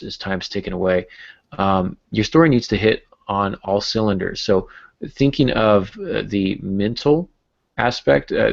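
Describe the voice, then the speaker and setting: Male podcast co-host, very low gravelly voice, rambling and joking, slightly lo-fi sound. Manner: rambling, joking, many fillers. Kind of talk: casual writing podcast chat.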